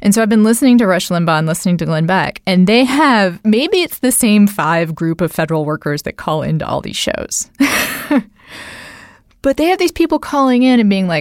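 A woman hosting a podcast, chatting about politics in an animated way with frequent asides. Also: on the low side, normal speed, no echo, clean studio sound. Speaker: podcast host. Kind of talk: casual political conversation.

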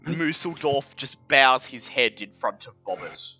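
A man's voice: mid-range voice, expressive, unhurried, bright, forceful tone, soft background music, rough recording. A man narrating a tabletop game as game master, in a loose, casual way.

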